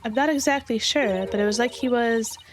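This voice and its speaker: A woman's voice: on the high side, moderate pace, a little hiss or hum, close to an everyday voice. A woman reading an earnest young female lawyer from a game, explaining things plainly. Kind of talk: fan voicing of game dialogue.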